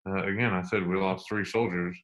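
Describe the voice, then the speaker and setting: A middle-aged man speaks in a low voice. He tells his story with earnest repetition and slows right down when it matters. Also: steady tone, fairly bright tone. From United States. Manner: earnest, repeats himself, slow and emphatic at emotional points. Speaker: interview guest, army veteran. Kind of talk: candid storytelling interview.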